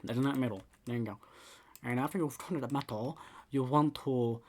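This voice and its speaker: A man at medium pitch talks viewers through a game building tutorial in a loose, casual way. He restarts his sentences often and repeats words as he goes. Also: normal speed.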